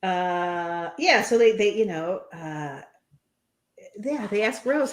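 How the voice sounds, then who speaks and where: A woman's voice: medium pitch, animated, slow, roomy sound. A woman co-hosting a casual chat, retelling reality show scenes from her notes. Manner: laughs often, retells scenes. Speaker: co-host.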